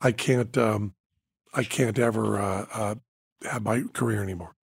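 An older man tells a story on his podcast with a gravelly, husky voice. He is animated and swings from hushed asides to near-shouting. The sound is dry and close to the mic. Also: on the low side, moderate pace, no echo. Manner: animated, swings from quiet to near-shouting when acting out panic. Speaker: podcast host, magician and comedian.

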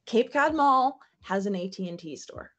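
Woman guest, casual talk, rambling and laughing, medium pitch. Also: lively intonation, moderate pace, a bit bright, highs cut off. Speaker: guest co-host. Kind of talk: casual chat.

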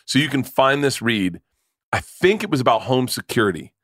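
A comedian guesting on a podcast, rambling and swearing through stories in casual chat. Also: male voice, medium pitch, sing-song, moderate pace, a bit bright, no room sound, clean studio sound. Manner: rambling, profane, laughs easily.

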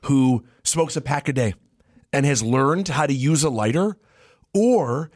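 A man's voice: medium pitch, animated, measured pace, a little mellow, no echo, clean studio sound. A young man co-hosting a comedy podcast, riffing playfully in casual chat. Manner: playful, riffing, jumps into silly voices. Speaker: podcast co-host.

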